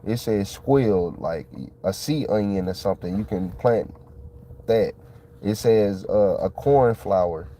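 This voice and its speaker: Excitable man rambling in slang. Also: fairly low pitch, measured pace. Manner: excitable, colloquial, repeats himself. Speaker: channel host. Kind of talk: casual rambling monologue.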